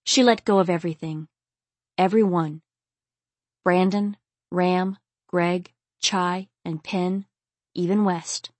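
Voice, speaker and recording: Woman reading a novel out loud, steady and intimate, low voice, dry close sound. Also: slow, long pauses, no echo. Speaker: audiobook narrator. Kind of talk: scripted audiobook narration.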